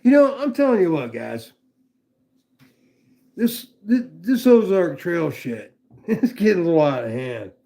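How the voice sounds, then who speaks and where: A man with a gravelly, rough-edged voice rambles through a casual knife review on a live stream. He swears freely and keeps breaking off to greet viewers by name. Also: high-pitched, sing-song, a little slow, pauses often, mellow. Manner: rambling, profane, chatty with viewers. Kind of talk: casual livestream chat.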